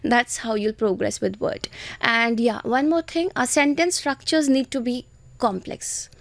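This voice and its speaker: A woman's voice: a little high, fairly even intonation, a little slow, vocal fry, no room sound. A woman with an Indian accent, an English-exam trainer speaking as an interview guest, giving earnest advice with emphatic repetition.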